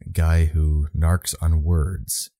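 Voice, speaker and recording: A man's voice: extremely low pitch, flat delivery, slow pace, mellow, dry recording. A man co-hosting a casual podcast, laughing often and blurting out swears. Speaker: podcast co-host.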